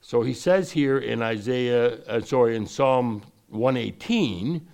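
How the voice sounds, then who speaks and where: A man teaching from scripture in a conversational way, reading verses slowly and then explaining them in quick asides. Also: medium pitch, lively intonation, vocal fry, darkish tone. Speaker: preacher. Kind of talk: Bible teaching.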